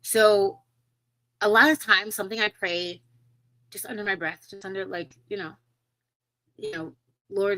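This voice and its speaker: A woman's voice: mid-range voice, a bit bright, rough recording. A woman hosting her own podcast, talking casually and earnestly, with many fillers, and encouraging her listeners. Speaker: podcast host. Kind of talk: casual solo podcast talk.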